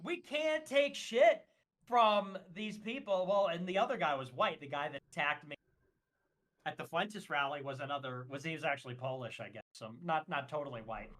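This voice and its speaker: A man's voice: on the high side, brisk, pushed and bright. A man talking as a guest on a casual livestream, ranting emphatically and with strong opinions, with frequent fillers.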